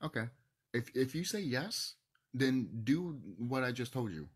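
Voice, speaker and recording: Husky-voiced man ranting heatedly. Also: medium pitch, lively intonation, unhurried. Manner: heated, profane, preachy. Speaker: channel host. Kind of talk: ranting monologue to camera.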